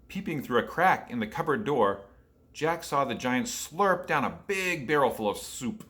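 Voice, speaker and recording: A man reads a fairy tale aloud to children, pausing to ask them questions. His voice is bright and forceful. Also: mid-range voice, animated. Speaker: storyteller for children. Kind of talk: reading a picture book aloud.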